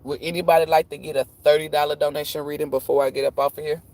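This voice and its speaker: A man's voice: a little high, level tone, rapid-fire, a little mellow. A man hosting a tarot livestream, chatting casually and telling profane stories. He laughs often and acts out the voices of the people he quotes.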